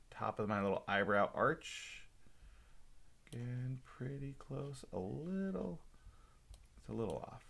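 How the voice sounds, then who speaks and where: Male teacher, very low voice, laid-back running commentary over a screen demo. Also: creaky. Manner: talks to himself while working, relaxed asides and small jokes. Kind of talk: screen-recorded software demo lesson.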